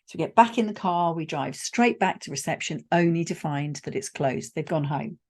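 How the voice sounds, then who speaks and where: A woman with a somewhat low voice hosts her own podcast, talking alone to her listeners. She recounts a personal anecdote in a relaxed, conversational way, dropping in dry, wry asides as she goes. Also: moderate pace. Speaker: podcast host. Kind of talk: solo podcast storytelling.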